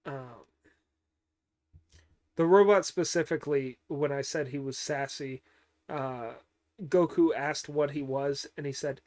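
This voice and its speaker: A man talks through an episode recap at a slow, easy pace, stopping often on ums and uhs. His voice sits a little higher than most men's. Now and then he drops in a dry, joking aside. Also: darkish tone. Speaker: show recapper.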